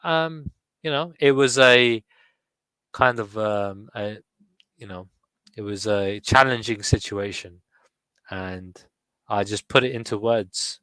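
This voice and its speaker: Guy in his 30s, lowish voice, reads his poem slow, stumbles a bit chatting, dry sound. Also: pushed and bright, clean tone, dry recording, poor audio. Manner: slow deliberate recitation, hesitant restarts in chat. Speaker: poet reading his work. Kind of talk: casual online chat and poetry reading.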